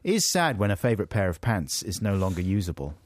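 A man's voice: sits low, very animated, quick pace, dry recording, studio quality. A man co-hosting a comedy podcast, playfully reading out listener letters and laughing often in casual chat. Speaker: podcast co-host.

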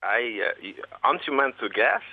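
A male caller on a phone-in, speaking deadpan in a heavy put-on foreign-sounding accent. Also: mid-range voice, moderate pace, dry recording, phone-quality sound. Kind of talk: phone-in comedy bit.

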